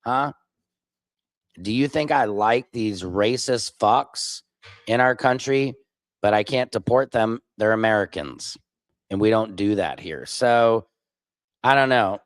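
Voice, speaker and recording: A man's voice: on the low side, takes it slowly, pauses often, no echo. A man from Minneapolis hosting a livestream, reacting to clips and answering chat comments in an informal, argumentative way. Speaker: livestream host.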